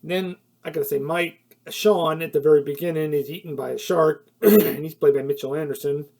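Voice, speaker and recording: A man's voice: on the high side, steady tone, fairly quick, darkish tone. A man giving a casual spoken film review, rambling with many fillers and self-corrections, and sometimes laughing at his own points. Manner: laughs at his own points, gets heated when annoyed.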